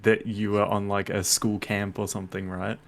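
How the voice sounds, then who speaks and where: Man, podcast co-host, low voice, gravelly edge, quick questions. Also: level tone. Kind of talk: casual podcast chat.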